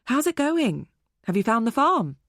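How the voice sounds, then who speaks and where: A cheerful young female friend with a lilting, sing-song voice. She teases and chatters brightly in a raised pitch. The audiobook recording is dry and close. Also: very animated, measured pace, dry recording, full character voice. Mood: bubbly.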